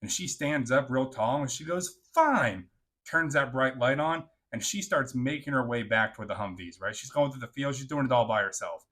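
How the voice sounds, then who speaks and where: Male storyteller, animated and crude, mid-range voice, keeps asking "right?". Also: medium pitch. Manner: animated, keeps checking in with the listener; crude, joking delivery. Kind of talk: casual storytime.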